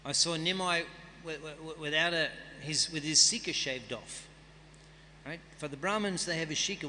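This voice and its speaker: A man's voice: a little high, pushed and bright, long reverb tail, slight background noise. A man giving a scripture class, reading and chanting verses and then explaining them in a conversational way. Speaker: guest speaker at a temple festival. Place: temple hall.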